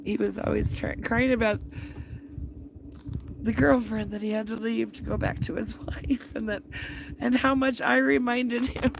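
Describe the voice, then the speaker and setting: A woman's voice: fairly high pitch, fairly even intonation, unhurried, vocal fry, noisy background. A middle-aged woman telling a rambling story to her live stream from a campfire at night, laughing often as she talks. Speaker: livestreamer. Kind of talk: casual storytelling. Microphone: phone live stream.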